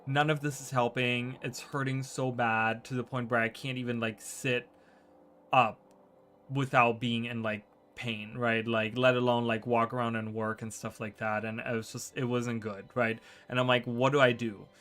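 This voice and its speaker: A man's voice: mid-range voice, little pitch movement, normal speed, fairly bright tone. Rambling man chatting on stream. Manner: rambling, filler-heavy, often asks "right?". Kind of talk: casual chat to stream viewers. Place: home streaming room.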